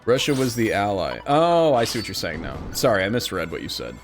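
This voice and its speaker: A man's voice: lowish voice, fairly quick, faint music behind. A man in his twenties from Missouri, chatting casually and sarcastically with his stream viewers. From Missouri, USA. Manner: animated, joking and sarcastic.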